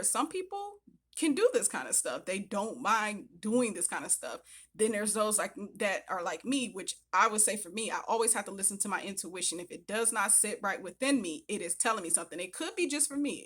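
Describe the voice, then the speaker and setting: Woman vlogger, bright voice, chatty storyteller who acts out quotes. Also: medium pitch, husky. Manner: chatty, animated retelling with acted-out quotes. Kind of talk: casual storytelling to camera.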